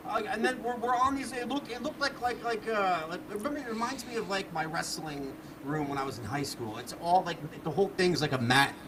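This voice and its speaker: A man's voice: high-pitched, brisk, few pauses, background noise. Rambling man telling a story. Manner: rambling, laughing, many fillers. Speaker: guest on a live show. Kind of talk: casual storytelling. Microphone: wearing a mask.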